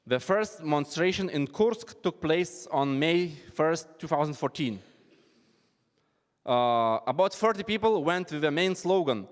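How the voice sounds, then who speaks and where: A man giving a halting, self-deprecating talk at an arts event, with non-native phrasing. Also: fairly high pitch, lively intonation, in a large hall. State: out of breath. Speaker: performance artist presenting. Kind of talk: informal spoken presentation. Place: large hall at an arts event.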